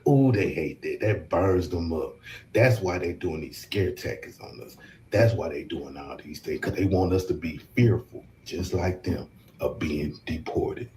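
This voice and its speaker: Deep-voiced emphatic man. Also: unhurried, warm tone, slight background noise, poor audio. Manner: emphatic, repeating for weight. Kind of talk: casual panel discussion.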